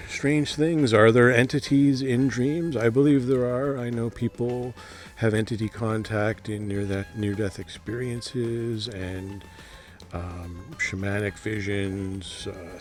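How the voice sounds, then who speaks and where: A man talking casually about his dreams, hesitant and rambling, with soft laughs. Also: on the low side. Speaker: dream vlogger. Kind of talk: casual monologue to camera.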